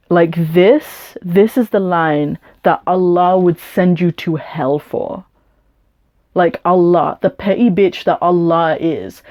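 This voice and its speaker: A woman's voice: on the low side, dark tone. A young woman from England vlogging a storytime rant, blunt and combative, swearing often as she answers a hostile comment.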